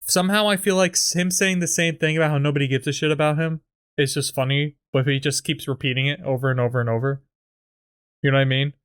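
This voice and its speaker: A man's voice: on the high side, steady tone, fast talker, a bit bright, clean tone. A man co-hosting a comedy podcast, chatting casually and rambling through ideas with lots of fillers. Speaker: podcast co-host. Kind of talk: casual chat about sketch writing.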